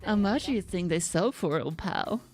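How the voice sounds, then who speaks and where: A woman voicing a gruff, greedy old male pawnbroker who mocks his customers and tags lines with "eh" while reading a game's story aloud. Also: mid-range voice, lively intonation, darkish tone, lightly acted. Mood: scornful. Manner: gruff, mocking, drawn-out "eh".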